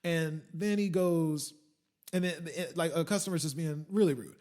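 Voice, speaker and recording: A man hosting a podcast, telling a story as a profane rant that swings from muttering asides to shouting. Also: fairly high pitch, normal speed. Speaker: podcast host. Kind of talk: ranting monologue.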